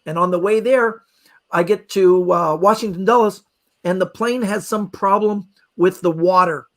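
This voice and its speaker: A middle-aged man, a magician guest on a podcast, telling a travel story in a lively way and acting out the people in it. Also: high voice, normal speed. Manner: lively anecdotal telling with acted-out quotes. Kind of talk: animated storytelling.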